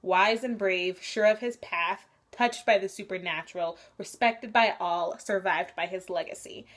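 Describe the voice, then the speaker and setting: A woman's voice: mid-range voice, a little slow, fairly bright tone. A young woman vlogger in casual chat about a book she is rereading, candid and swearing often.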